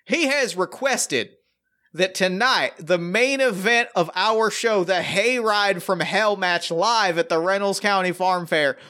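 A showy cowboy wrestling promoter, put on by a man running a tabletop game, working the crowd in a thick Southern drawl. His voice rides high above his usual register, bright and ringing. He leans hard into every line like a carnival barker. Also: slow, heavily acted. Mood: hyped showman. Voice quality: booming showman drawl.

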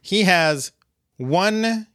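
A man co-hosting a podcast, recapping an episode in a relaxed way with dry humor and lots of ums. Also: high voice, drawn-out words, no room sound. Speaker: podcast co-host.

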